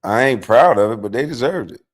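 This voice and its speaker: A middle-aged man hosting a livestream, telling stories in a casual, profane, animated way, dropping from low mutters to loud outbursts. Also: a little fast. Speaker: livestream host.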